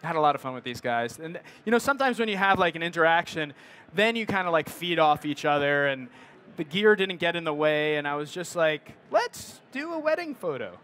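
A man's voice: a little high, expressive, brisk, a bit bright. A middle-aged man giving a casual presentation on photography, rambling with many fillers and restarts. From United States. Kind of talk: casual talk to an audience.

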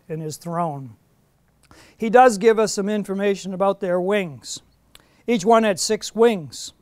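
High-voiced man teaching a Bible class. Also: dry recording. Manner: animated, emphatic, asks the class questions. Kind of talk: Bible study lecture to a class. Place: indoor classroom.

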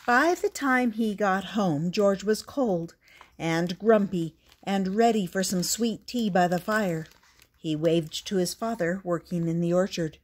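An older woman reading a children's picture book aloud, gentle and deliberate, with little asides to the listener. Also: medium pitch. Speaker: storyteller.

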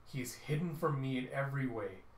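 A man's voice: mid-range voice, fairly quick, lightly acted. A man voicing a cold, imperious witch queen who commands a coven of ghosts, in an echoey room.

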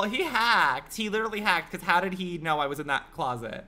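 A man's voice: high-pitched, animated, brisk, hardly any pauses, sharp tone. A man livestreaming a game, chatting with his viewers in a sassy, campy, profane way, full of rambling rhetorical questions. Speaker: gaming livestreamer. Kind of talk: casual stream chat.

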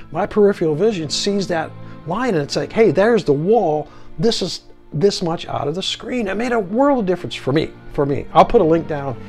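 A man's voice: mid-range voice, gravelly, darkish tone. A middle-aged man giving a casual home movie review, enthusiastic and repetitive, leaning hard on key words, in his home theater room.

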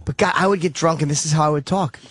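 A man's voice: fairly high pitch, fast talker, a bit bright, slight background noise. A man hosting a radio talk show, crude and joking in casual banter on a studio mic.

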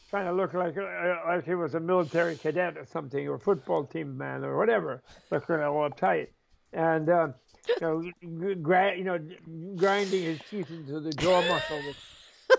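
An older man, a Buddhist scholar appearing as an interview guest, speaks in a high-sitting voice with vocal fry. He tells rambling stories in conversation, chuckling, wandering into asides, and acting out the voices of the people he quotes.

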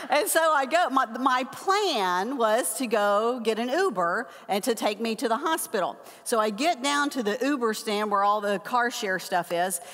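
An older woman teaching a Bible lesson, telling a personal story with animated acted-out quotes. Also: on the high side. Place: church hall. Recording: long hall reverb.

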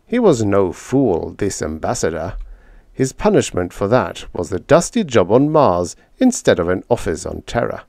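A man narrating a vintage short story audiobook in an expressive reading. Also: lowish voice, moderate pace, vocal fry, dry recording, studio quality. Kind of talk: scripted narration.

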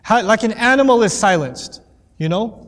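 In a hall with long reverb, a man teaches Quran commentary in a chatty lecture, cracking jokes and performing quoted voices. He speaks at a moderate pace in a high, slightly bright voice with lively intonation.

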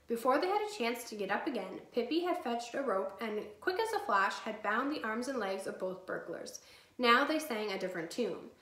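A woman's voice: on the high side, lively intonation, normal speed, a bit bright. Woman teacher reading a story aloud. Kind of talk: reading a chapter book aloud. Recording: echoey room.

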